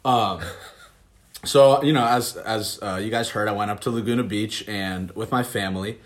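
A young man co-hosting a casual podcast, excitable and quick to laugh, with casual swearing. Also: fairly low pitch. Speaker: podcast co-host. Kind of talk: casual chat.

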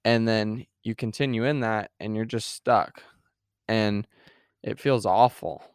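A man's voice: fairly low pitch, steady tone, a little slow, clean tone, dry recording, clean studio sound. A man co-hosting a podcast who talks in a rambling, casual way, restarting sentences and acting out little quoted scenes. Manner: rambling with many restarts, fillers and acted-out quotes. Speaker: podcast co-host. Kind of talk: casual faith discussion.

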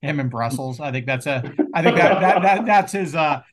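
A man's voice: on the high side, expressive, normal speed, over a noisy crowd. A man co-hosting a movie-review podcast, joking around in casual chat and laughing a lot. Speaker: podcast co-host.

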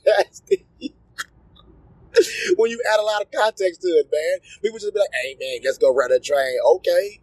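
A man's voice: high voice, darkish tone, low-quality recording. A young adult man ranting in a casual, crude, rambling way, with disgusted asides. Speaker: commentator. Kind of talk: casual opinion rant.

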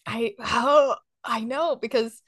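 A woman's voice: a little high, a bit bright, no room sound, clean studio sound. A young woman hosting a podcast, chatting casually and laughing often. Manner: giggly, chatty, quick laughs. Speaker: podcast host.

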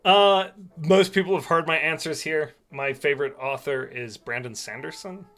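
A man's voice: a little high, normal speed, faint music behind. Rambling casual male game master. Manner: relaxed, rambling, lots of uh and like. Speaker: podcast co-host and game master. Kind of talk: casual chat.

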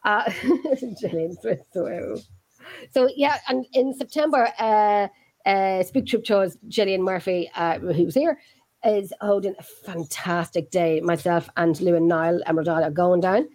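A woman's voice: medium pitch, unhurried, a little mellow. A woman from Ireland with an Irish accent hosting a podcast, chatty and rambling. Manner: chatty, rambling, many restarts. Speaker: podcast host. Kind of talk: casual chat.

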